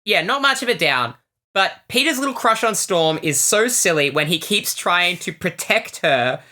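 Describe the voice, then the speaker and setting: A woman co-hosting a comic podcast, her voice sitting low yet bright and forward. She talks in animated, joking bursts with quick asides. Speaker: podcast co-host. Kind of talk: casual comic chat.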